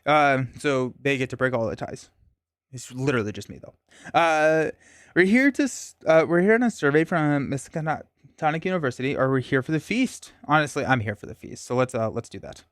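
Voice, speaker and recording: A man's voice: mid-range voice, animated, moderate pace, a bit bright, no room sound, clean studio sound. A man hosting a solo board game playthrough, reading the story text aloud with stumbles, self-corrections and casual asides. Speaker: board game channel host.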